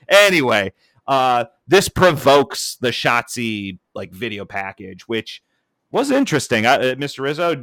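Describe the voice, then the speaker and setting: A man co-hosting a podcast in casual chat, animated and playing out quotes in exaggerated voices. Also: mid-range voice, a little slow, no room sound. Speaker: podcast co-host.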